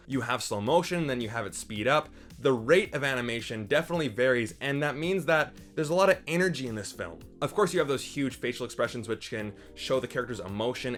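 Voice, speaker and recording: A man's voice: mid-range voice, a bit bright. A man giving an enthusiastic, conversational movie review, often checking in with "right?". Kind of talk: casual spoken review.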